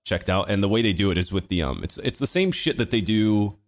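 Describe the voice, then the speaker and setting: Low-voiced young man telling stories. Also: lively intonation, brisk. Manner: rambling, swears a lot, many fillers. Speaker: podcast co-host. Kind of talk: casual chat, storytelling.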